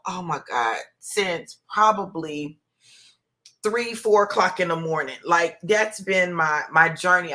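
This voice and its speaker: Casting: woman, 50s, low bright voice, heartfelt minister sharing testimony live on her phone. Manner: heartfelt, conversational, preacher-like, many fillers. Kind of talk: emotional personal testimony, live stream.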